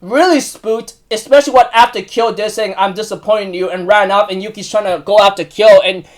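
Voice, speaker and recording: Male anime recapper, high voice, casual and rambling, prone to emotional outbursts. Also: a little fast. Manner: rambling, emotional, many fillers and restarts; bursts into loud excited outbursts.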